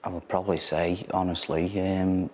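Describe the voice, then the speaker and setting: A man who is a father, answering a host's questions in a hesitant, low-key way with fillers. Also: level tone, normal speed, a little mellow. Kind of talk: conversation with a host.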